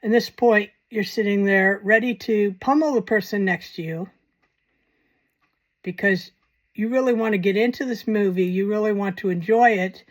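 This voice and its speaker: A woman's voice: medium pitch, normal speed. A woman hosting a paranormal channel, talking in a casual, rambling commentary with wry, self-mocking asides.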